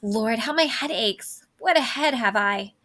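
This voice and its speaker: A woman's voice: fairly high pitch, measured pace, sharp tone. A woman reading the lines of a weary older nurse who grumbles about her aches and teases. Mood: complaining. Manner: teasing, put-upon grumbling. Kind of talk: reading a play aloud.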